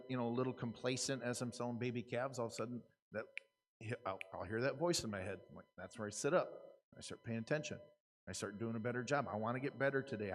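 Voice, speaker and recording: An American auctioneer gives a seminar talk to a live audience of auctioneers in a conference room, speaking in a casual, earnest, conversational way at an ordinary pitch. He often repeats himself, stopping and restarting a thought before pressing on. A long reverb makes the room sound like a large hall.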